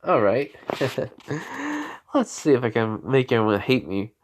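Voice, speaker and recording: A man's voice: medium pitch, huge pitch swings, slow pace, a little hiss or hum. A playful, cocky teenage ninja boy who loves to tease, voiced by a man telling the story. He talks offhand and brash, like a storybook told aloud at home.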